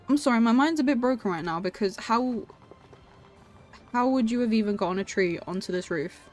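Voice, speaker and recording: A chatty young woman streamer talks casually to her viewers as she plays. Her voice sits a little high, and she jokes easily. Faint game music plays underneath. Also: darkish tone. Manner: playful, chatty, talks to viewers with quick laughs. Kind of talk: casual live-stream chat while playing.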